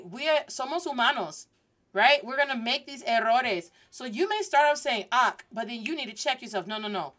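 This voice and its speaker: Animated bilingual woman teacher, chatty. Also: a little high. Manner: animated, chatty, switches between English and Spanish. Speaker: Spanish teacher and podcast host. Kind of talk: casual teaching monologue.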